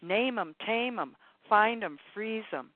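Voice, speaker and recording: A woman's voice: mid-range voice, animated, takes it slowly. A woman spiritual teacher giving an encouraging, rambling talk on a call-in show, repeating her points with many fillers. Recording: tinny phone line, dry.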